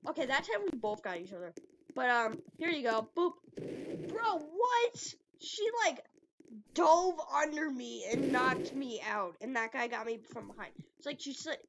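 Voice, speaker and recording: A woman's voice: a little high, normal speed. Giggly woman trash-talking through a noisy game. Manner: giggly, excitable trash talk. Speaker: gaming video creator. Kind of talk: playful game commentary. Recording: noisy recording with clicks.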